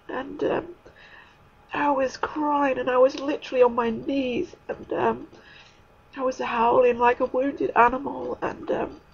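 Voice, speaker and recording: Woman, high voice, gravelly fry, emotional halting testimony, dull lo-fi sound. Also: a little mellow. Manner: emotional, halting, many pauses and fillers. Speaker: spiritual speaker. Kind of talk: personal spiritual testimony.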